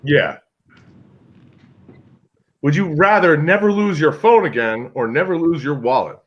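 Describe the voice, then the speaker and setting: A man co-hosting a casual game night chat, reading out questions and telling animated stories with acted-out voices. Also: on the high side, a little slow. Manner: animated storyteller, acts out voices. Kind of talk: casual chat on a video call. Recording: dull lo-fi call audio.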